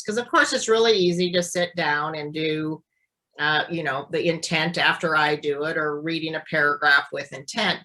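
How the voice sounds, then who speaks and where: Slow-speaking, bright-voiced woman therapist. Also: lowish voice, rough recording. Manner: clear, deliberate explaining with exaggerated demonstration counting. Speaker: speech therapist. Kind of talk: instructional demonstration.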